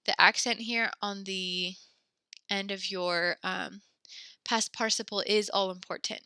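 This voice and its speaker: Bright, brisk woman teaching French. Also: mid-range voice, fairly even intonation, clean tone, no echo. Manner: patient, encouraging, explains step by step. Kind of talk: classroom teaching.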